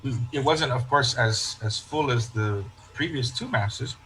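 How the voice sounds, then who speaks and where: A parish priest with a medium-pitched voice recounts his experiences in a relaxed, casual interview, telling stories in an easy manner. He often restarts his phrases and slips into voicing the people in his stories and acting out their remarks. He speaks a little slowly, and the rough recording carries a faint noise behind him.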